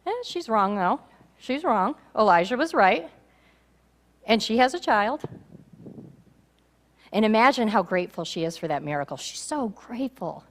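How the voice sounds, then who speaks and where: A woman pastor preaching a sermon in a church, animated and acting out the voices of a story. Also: medium pitch, moderate pace, pauses often. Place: church sanctuary. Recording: reverberant church hall.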